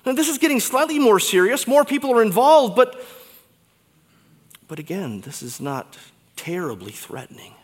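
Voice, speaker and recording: A man's voice: high voice, normal speed, pauses often. Preaching man in a reverberant church. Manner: conversational, animated preaching with wide swings in loudness. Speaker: pastor. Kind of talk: sermon.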